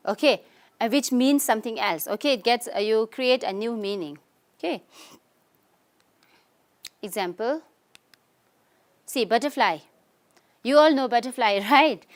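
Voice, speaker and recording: A woman teaching English with a Tibetan accent, walking through example words slowly and often checking in with "okay?" and "right?". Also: on the high side. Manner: slows down to spell out example words. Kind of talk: online classroom lesson.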